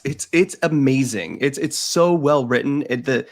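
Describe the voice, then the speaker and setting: A man's voice: medium pitch, moderate pace. A man co-hosting a casual podcast chat, teasing the others and praising things with enthusiasm. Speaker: podcast co-host.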